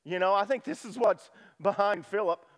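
A man preaching a sermon, telling the story with lively asides and acting out the disciples' lines, swinging from loud to hushed. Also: high-pitched, moderate pace. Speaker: pastor.

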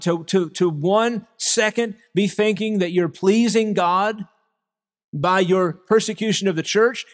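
Higher-voiced man preaching a sermon. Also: in a large hall. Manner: earnest preaching, addresses congregation as brothers and sisters. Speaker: pastor. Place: church sanctuary.

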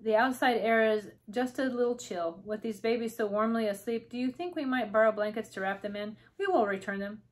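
A woman's voice: on the high side, fairly quick, hardly any pauses, lightly acted. Spirited tiny queen, refined and gracious, voiced by a woman.

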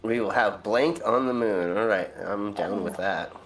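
A man's voice: fairly low pitch, a little slow, soft background music. A man playing a party card game, easygoing and agreeable, with mild exclamations. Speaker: player. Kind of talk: casual game-night chat.

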